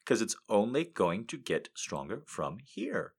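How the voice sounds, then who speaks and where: A man hosting a live show, reading a story aloud and then chatting casually, animated and swinging between hushed and loud. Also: lowish voice, a little slow, slightly rough. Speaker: reader and live show host.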